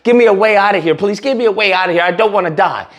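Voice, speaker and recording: A man's voice: high voice, rapid-fire, lightly acted. A man playing a panicked drowning man who pleads desperately with God. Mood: pleading.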